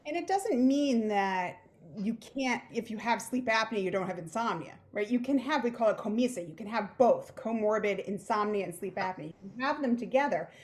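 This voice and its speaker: A woman's voice: medium pitch, lively intonation, normal speed, hardly any pauses. A woman sleep specialist talking casually, with "like" and "right?" fillers. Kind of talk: panel discussion.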